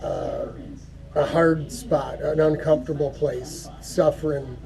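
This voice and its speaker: A man giving an earnest, folksy prayer talk to camera, halting and repeating words as he goes. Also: on the high side, huge pitch swings, vocal fry, crowd noise. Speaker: go-kart hobby vlogger.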